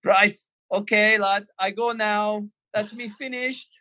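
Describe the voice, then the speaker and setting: Guy doing a mad foreign footballer, scouse-german accent, clipped stubborn lines, pitched up high. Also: fairly even intonation, slow, pushed and bright, heavily acted. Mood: abrupt. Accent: mock Scouse-German. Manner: clipped broken phrases, stubborn. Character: eccentric foreign footballer teammate, blunt, mad.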